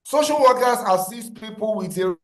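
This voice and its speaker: Male lecturer on a video call, high voice, repeats points for emphasis. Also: lively intonation, moderate pace, fairly bright tone, echoey room, poor audio. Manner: repeats key phrases, asks class questions. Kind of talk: online class lecture.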